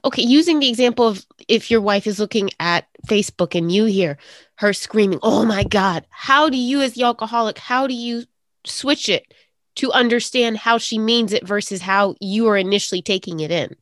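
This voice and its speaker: A woman's voice: on the high side, fairly quick, no room sound. A woman interviewing a guest, attentive and asking probing questions. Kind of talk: conversational interview.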